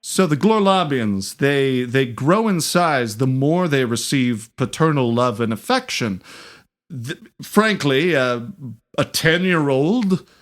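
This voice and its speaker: A man voicing a pompous, mustached male alien news anchor in a comedy audio drama, formal and deadpan. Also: medium pitch, slow. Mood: lecturing.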